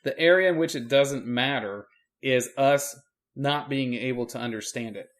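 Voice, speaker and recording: Brief: male podcast co-host, calm, thoughtful, easygoing tone. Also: medium pitch, normal speed. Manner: calm, reflective, short back-channel replies. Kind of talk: casual chat.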